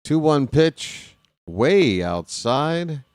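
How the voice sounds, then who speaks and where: Slow, dry-voiced male fan commentator. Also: on the high side, big pitch swings, a little mellow, dry recording. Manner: rooting openly for his team, chatty. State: hiccups. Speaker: fan play-by-play host. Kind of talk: live fan play-by-play commentary.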